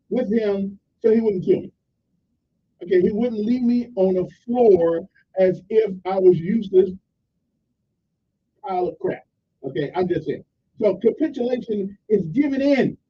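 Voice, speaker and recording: Man, radio host, husky voice, dull lo-fi sound, folksy, opinionated. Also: high voice. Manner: folksy, rambling and opinionated, with many restarts. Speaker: radio talk show host. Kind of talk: casual call-in radio commentary.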